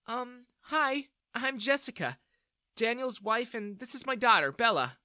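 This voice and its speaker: Man voicing a rueful middle-aged mother, soft and apologetic. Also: extremely high pitch, very animated, a little slow, no room sound, studio quality, pitched above the performer's own voice, full character voice.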